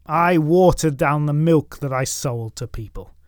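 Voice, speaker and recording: A man voicing a sullen, defiant woman ghost with brutal fists, in his own fairly high voice. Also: measured pace, clean tone, no echo, studio quality, natural voice.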